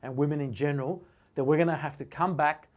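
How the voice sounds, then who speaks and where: A man hosting a live interview who backs his guest up with quick, encouraging responses. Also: on the high side, steady tone. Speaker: interview host.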